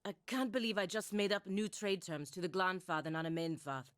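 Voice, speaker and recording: A woman voicing a calculating envoy, low-pitched. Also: a little fast, a bit bright, no room sound, studio quality, close to an everyday voice. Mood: resigned. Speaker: game character.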